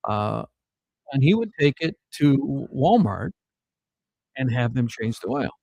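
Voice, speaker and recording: A man's voice: mid-range voice, very animated, measured pace, creaky, darkish tone, no room sound, rough recording. A man from South Dakota telling rambling family anecdotes in a casual podcast chat, full of fillers and restarts. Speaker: podcast guest.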